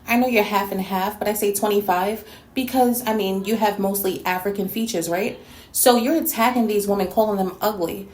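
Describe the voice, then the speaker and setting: A woman's voice: mid-range voice, moderate pace, a little mellow, echoey room. A woman from New York City hosting a response video, talking bluntly and scolding with plenty of sass. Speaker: YouTube reactor and host.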